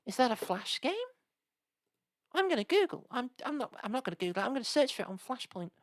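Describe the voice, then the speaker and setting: A woman's voice: fairly high pitch, sing-song, quick pace, no room sound. A woman chatting casually and rambling while she live-streams old games. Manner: rambling, chatty, lots of restarts and asides.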